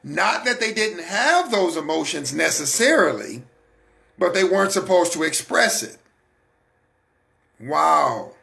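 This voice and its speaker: A man with a high, bright voice and a gravelly edge talks casually to his listeners. He fires rhetorical questions at them and often stumbles over repeated words before pressing on. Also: big pitch swings, unhurried, pauses often. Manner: conversational, asks the audience rhetorical questions. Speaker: host of a faith talk broadcast. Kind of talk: casual spoken monologue.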